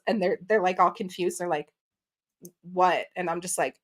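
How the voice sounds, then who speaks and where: Animated storytelling woman. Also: fairly low pitch, normal speed. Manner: animated, acts out quotes, swears freely. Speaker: guest. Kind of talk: casual storytelling.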